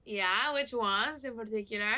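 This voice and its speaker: A woman's voice: a little high, normal speed, sharp tone, slight background noise. An actress with a Spanish accent playing a playful young woman on a video date in a game. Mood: chatty. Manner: teasing, playful. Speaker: dating match. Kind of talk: game voice acting. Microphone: video call.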